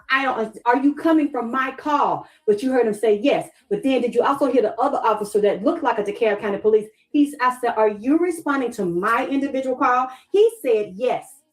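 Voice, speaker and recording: Speaking at a normal pace with lively intonation, this Southern US woman in middle age has a higher-pitched voice captured on poor audio. As a livestream host talking emotionally to her audience, she repeats the same questions to viewers again and again, pausing to thank people and read out what they write.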